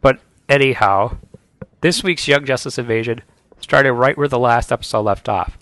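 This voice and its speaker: Speaking at a normal speed in a mid-range voice with a fairly bright tone, this man co-hosts a podcast and banters casually and enthusiastically about cartoons like a devoted fan. The recording is dry.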